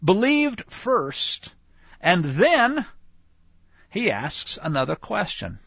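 A man teaching scripture in a conversational way, animated and speaking straight to his listeners. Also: high voice, drawn-out words, gravelly, slightly rough, dry recording. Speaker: Bible teacher. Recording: dull lo-fi, dry sound.

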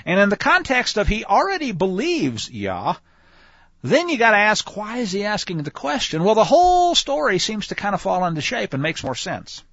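A man teaching scripture in a conversational way, animated and speaking straight to his listeners. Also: high voice, normal speed, no echo. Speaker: Bible teacher. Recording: dull lo-fi, dry sound.

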